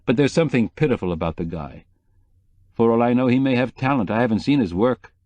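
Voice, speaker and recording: A man voicing a middle-aged male journalist in an audiobook, speaking low and confidingly. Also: lively intonation, fast, a little mellow, dry recording, dull audio, close to an everyday voice.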